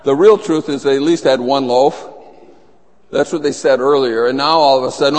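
A middle-aged pastor preaches a sermon as an animated storyteller, acting out voices in his anecdotes. He speaks at medium pitch and a moderate pace with long pauses, and the recording has the long reverb of a large hall.

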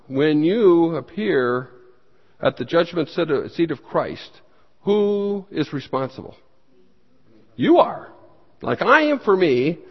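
A man preaching as a pastor, teaching a Bible study with emphatic bursts and questions that he puts to the room and then answers himself. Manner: emphatic, with sudden rises in pitch and loudness. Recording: dull sound with long hall reverb.

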